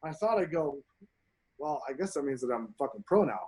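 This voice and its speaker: Profane storytelling man, slightly high voice. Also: a little fast, breathy edge. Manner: profane, animated anecdotes. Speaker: podcast guest, pro golfer. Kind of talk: casual storytelling.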